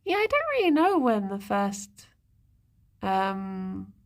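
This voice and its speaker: Woman, livestreamer, casual chat, thinking aloud, slow-paced, gravelly. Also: medium pitch, huge pitch swings. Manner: musing aloud, chatting to viewers and pets. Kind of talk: casual live-stream chat.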